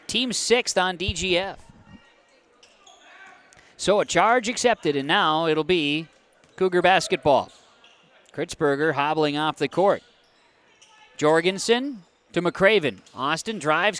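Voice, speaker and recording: A man doing live play-by-play of a high school basketball game, with quick calls that jump up on big plays. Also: a bit bright, slight background noise. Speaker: play-by-play announcer.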